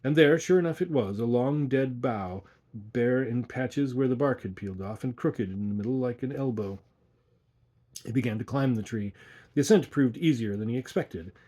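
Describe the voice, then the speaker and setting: Husky male reader narrating a ghost story. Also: mid-range voice, moderate pace, warm tone. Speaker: audiobook reader.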